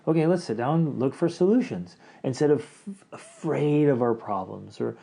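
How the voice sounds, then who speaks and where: A middle-aged man co-hosting a podcast in casual chat, talking in an animated way and acting out the lines he quotes. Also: mid-range voice, normal speed, gravelly, breathy edge. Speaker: podcast co-host.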